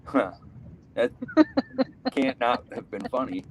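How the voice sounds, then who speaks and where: A man's voice: medium pitch, slow pace, poor audio. A man, doing a rambling live stand-up set, cutting himself off and laughing at his own jokes. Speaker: stand-up comedian.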